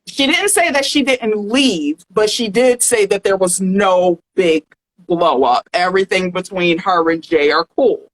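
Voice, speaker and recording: A woman's voice: mid-range voice, low-quality recording. A woman hosting a pop culture podcast, sassy and slangy in casual chat. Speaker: podcast host.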